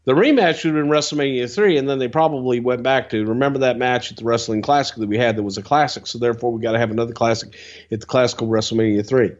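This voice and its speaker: A man co-hosting a podcast, bantering and telling stories in an animated, casual way. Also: medium pitch, quick pace, highs cut off. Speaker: podcast co-host.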